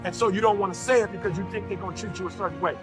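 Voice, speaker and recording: Impassioned high-voiced male motivational speaker. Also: rapid-fire, music in the background. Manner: impassioned, preacher-like delivery. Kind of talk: motivational speech.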